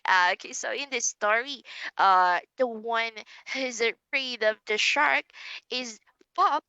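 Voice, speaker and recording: A young woman with a Filipino English accent teaching an online English lesson to a child, slow and encouraging, calling herself teacher. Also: fairly high pitch, bright, forceful tone, clear, resonant tone, dry recording, lo-fi sound.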